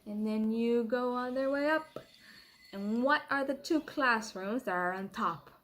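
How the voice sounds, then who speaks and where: Brief: middle-aged woman, children's teacher, slow, patient drilling, slightly high voice, playful. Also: fairly bright tone. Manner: slow, repeats words for pupils to copy; playful, laughs at herself. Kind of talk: children's language lesson.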